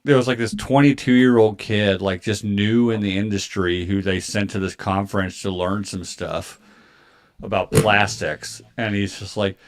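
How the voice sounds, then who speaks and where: Male podcast co-host, 30s, casual storyteller, animated, rambling with fillers. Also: on the low side, a little slow. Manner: animated, heavy filler words and swearing.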